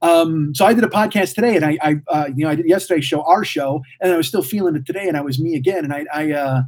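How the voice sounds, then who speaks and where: A man's voice: on the high side, quick pace, darkish tone, husky. A man in his forties hosting a casual livestream, reading chat and rambling profanely like a mouthy motor mouth. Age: 40s. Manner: mouthy, blurts without thinking. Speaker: podcast host reading live chat.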